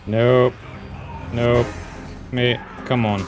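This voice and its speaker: A man's voice: mid-range voice, flat delivery, drawn-out words, music in the background. A Scottish man commenting on a horror game playthrough with sweary, joking reactions. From Scotland. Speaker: gaming YouTuber.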